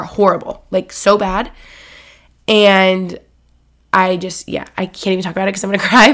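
A young woman hosting her own podcast, chatting casually and gushing, with lots of "like"s and asides dropping to a whisper. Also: medium pitch. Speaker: podcast host. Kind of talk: casual solo chat.

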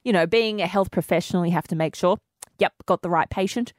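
A woman in her thirties co-hosting a radio show, telling stories in an animated way. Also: fairly low pitch, quick pace, no room sound, clean studio sound. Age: 30s. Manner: animated storyteller, laughs often. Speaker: radio co-host. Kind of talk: casual radio chat.

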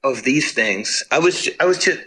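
A German man, a rock musician, telling tour stories in a rambling, animated way with casual swearing. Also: medium pitch, normal speed, rough recording. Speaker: musician guest. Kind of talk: casual storytelling.

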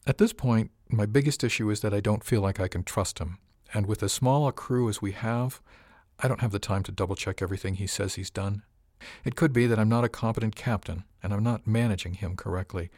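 A man reading a first-person story aloud as an audiobook narrator, in an even, measured way. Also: fairly low pitch, no echo, studio quality.

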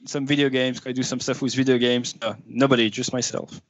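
A man's voice: medium pitch, flat delivery, fairly quick, no room sound. A man with a French accent answers questions over a remote call. The line sounds muffled and dry, and he talks in a friendly, hesitant way, often repeating his words. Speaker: interview guest. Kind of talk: remote interview.

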